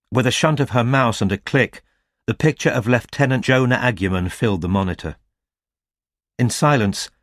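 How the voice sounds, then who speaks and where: A man reading a crime novel aloud as audiobook narrator, in a steady, even manner. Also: on the low side, no room sound, clean studio sound. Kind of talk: scripted narration.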